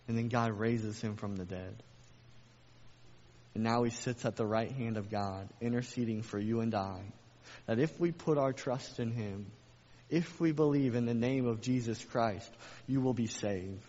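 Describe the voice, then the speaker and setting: A man's voice: mid-range voice, a little slow, mellow. Man preaching in an echoey hall. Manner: emphatic preaching with repeated phrases and rhetorical questions. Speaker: pastor. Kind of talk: sermon. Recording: echoey hall, dull lo-fi sound.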